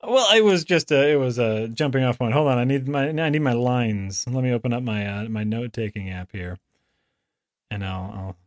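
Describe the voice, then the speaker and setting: A man's voice: mid-range voice, normal speed, dry recording. Chatty, hesitant man, dry close mic. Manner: chatty, hesitant, laughs easily. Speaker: podcast co-host. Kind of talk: casual chat.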